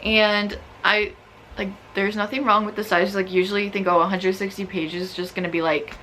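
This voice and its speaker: A young woman vlogging about books in a casual, animated way, full of "like" and exasperated outbursts. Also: mid-range voice, brisk, slight background noise. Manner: animated, exasperated, filler-heavy with frequent "like". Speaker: book vlogger. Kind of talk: casual ranting book review.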